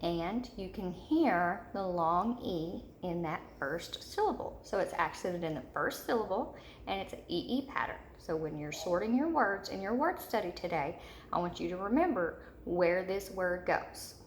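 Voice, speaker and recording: A woman teacher giving a slow, repetitive recorded video lesson to third graders. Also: on the low side, lively intonation, echoey room, slight background noise.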